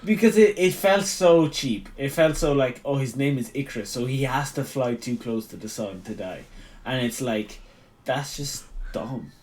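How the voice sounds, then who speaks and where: A man's voice: mid-range voice, moderate pace, a little mellow. An Irish man co-hosting a podcast, chatting casually, laughing often and hesitating with ums. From Ireland. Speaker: podcast co-host. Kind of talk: casual chat.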